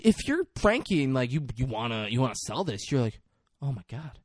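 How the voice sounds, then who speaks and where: A man's voice: mid-range voice, fairly quick, dry recording, clean studio sound. A man co-hosting a casual movie review podcast, telling scenes with lots of swearing and acting out the characters. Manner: animated storytelling, swears a lot, acts out scenes. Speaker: podcast co-host.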